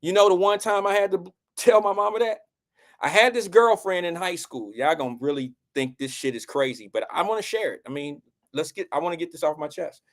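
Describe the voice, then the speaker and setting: A man's voice: sits high, brisk. Young guy with aave telling a wild story to his viewers, acts out the voices. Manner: animated, acts out quotes with raised voice. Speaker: show host. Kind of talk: storytelling to an audience.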